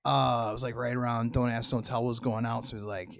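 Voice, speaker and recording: A man hosting a casual chat, a veteran himself, who talks in a relaxed way, swears freely and chimes in often. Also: mid-range voice, fast talker, creaky. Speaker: podcast host, veteran.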